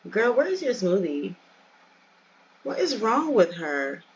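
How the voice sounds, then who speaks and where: A woman's voice: mid-range voice, very animated, slow pace, dull audio, a little hiss or hum. A woman hosting a let's play, giving chatty, casual commentary and addressing viewers directly.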